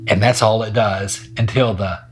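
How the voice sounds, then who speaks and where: A man's voice: on the low side, steady tone, normal speed. A man teaching a casual guitar lesson in a laid-back way, talking while he plays. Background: his own acoustic guitar playing.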